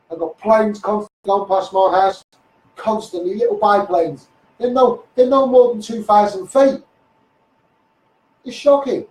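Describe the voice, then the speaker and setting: Man, Liverpool accent, high voice, rambling blunt rant, distant roomy phone recording. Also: darkish tone. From England. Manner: rambling, blunt, keeps saying "mate" and "you know what I mean". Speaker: livestreamer. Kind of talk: ranting live-stream monologue. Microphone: phone livestream. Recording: roomy, distant phone livestream with faint noise.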